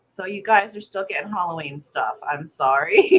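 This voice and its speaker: A woman's voice: mid-range voice, slightly rough, rough recording. A woman hosting a casual morning livestream, giggling often as she greets viewers and chats with her co-host.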